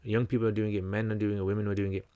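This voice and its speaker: The voice is a man's, fairly low, warm, and clean, delivered very fast in a level tone. As channel host of a livestream question-and-answer session, he explains at length in a relaxed teaching style, repeatedly restarting sentences and using many fillers.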